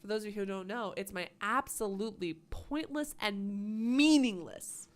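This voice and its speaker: A woman's voice: medium pitch, normal speed, soft background music. A woman live-streaming a game, with playful, sarcastic commentary and plenty of swearing. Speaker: gaming streamer.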